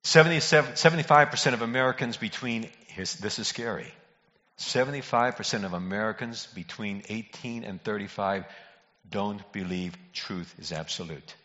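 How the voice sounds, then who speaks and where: Folksy older preacher in a reverberant church. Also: male voice, fairly low pitch, moderate pace, sharp tone. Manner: folksy joke-telling preacher who calls out to congregation members. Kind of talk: sermon. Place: church sanctuary. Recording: dull recording in a reverberant hall.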